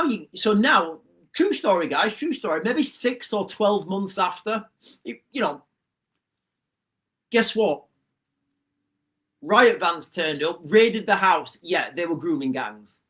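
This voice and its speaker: A man in his forties talks straight to his livestream viewers, with a fairly high voice. He keeps circling back over his points and calls everyone guys. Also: lively intonation, normal speed, bright, forceful tone. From Rotherham, England. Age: 40s. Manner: repeats himself and addresses viewers as guys. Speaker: livestream host. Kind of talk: casual political commentary livestream.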